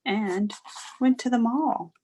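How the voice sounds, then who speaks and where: A woman reading a children's chapter book aloud in a lively, expressive way. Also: a little high, takes it slowly. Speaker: reader.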